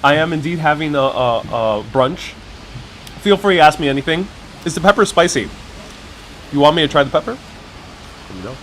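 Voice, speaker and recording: A man's voice: on the high side, very animated, normal speed, pauses often, a bit bright, slight background noise. A man hosting a casual live stream from a cafe, tasting food and chatting to viewers, thinking aloud with fillers and restarts. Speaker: live-stream city vlogger. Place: cafe in the city. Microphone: wireless clip-on mic.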